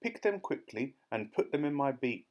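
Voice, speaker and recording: A friendly pelican who hurries his companion along in hushed, urgent tones, as a male reader voices him. A storybook bird, pitched a little above the narration. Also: very animated, normal speed, natural voice.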